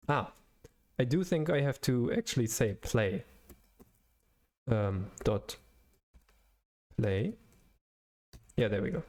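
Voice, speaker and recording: A young adult man live-coding on a stream, talking his way through the code in a hesitant, self-correcting way, pausing to search for words. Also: medium pitch, vocal fry, a little mellow. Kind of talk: thinking aloud while programming on a livestream.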